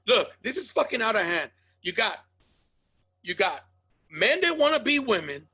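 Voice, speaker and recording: A man with a bright, sharp tone and a slightly husky edge holds forth in casual chat. He makes his points with emphasis, repeating himself and swearing freely. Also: high-pitched, sing-song, normal speed, poor audio. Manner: emphatic, profane, argumentative. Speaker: podcast guest.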